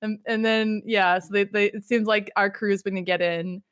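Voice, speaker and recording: A woman's voice: mid-range voice, steady tone, normal speed, a bit bright, clean tone, no echo, studio quality. A young woman hosting a podcast, chatting casually and animatedly, peppering her talk with "like" and slipping into silly character voices. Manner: heavy use of filler "like". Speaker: podcast host. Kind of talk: casual chat.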